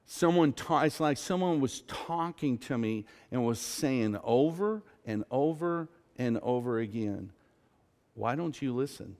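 A man's voice: mid-range voice, lively intonation, unhurried, few pauses, a little mellow, long reverb tail. A man preaching, telling an emotional story of his own conversion and acting out the dialogue. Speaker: pastor. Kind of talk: sermon testimony.

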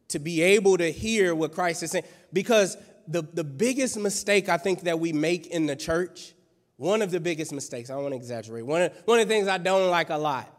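A male pastor preaching a sermon in a conversational, playful way, with lots of rhetorical questions. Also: fairly high pitch. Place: church sanctuary. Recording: long church hall reverb.

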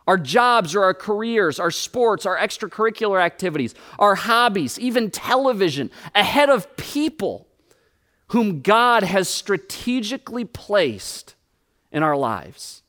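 Male pastor, higher-pitched voice, animated storyteller, sermon with humor. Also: unhurried. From United States.

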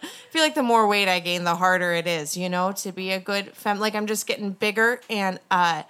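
A woman doing a stand-up set at a comedy club, deadpan and self-deprecating, on a stage mic. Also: mid-range voice, brisk, clean tone.

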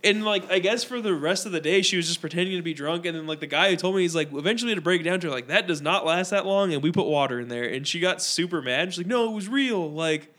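A young man with a fairly high voice, chatting on a podcast and spinning loose stories. He rambles and slips into other people's voices as he tells them. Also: fast talker, hardly any pauses, fairly bright tone. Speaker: podcast co-host. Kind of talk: casual storytelling chat.

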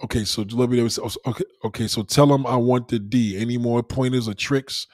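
A man hosting a casual late-night livestream, reacting loudly to chat with profane, laughing banter. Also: mid-range voice, steady tone, moderate pace, dry recording, studio quality. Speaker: livestream host.

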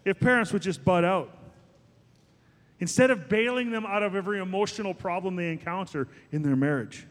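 A man in his forties preaching a sermon as pastor, animated and emphatic, rising to higher peaks. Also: fairly quick. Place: church sanctuary. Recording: long hall reverb.

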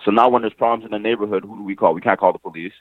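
The deceased's nephew, a young adult from Montreal, shares a casual, heartfelt story in an interview, talking rapid-fire in a slightly low voice. He leans on slang, repeats phrases for emphasis and swears now and then. His voice comes over a thin, phone-like line with no echo or room sound.

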